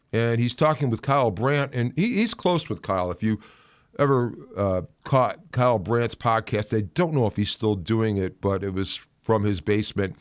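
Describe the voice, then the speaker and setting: A man's voice: medium pitch, no room sound. Rambling male host in a dry studio. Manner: rambling storytelling with frequent restarts and fillers. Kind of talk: casual livestream rant about football. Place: small sound-softened studio.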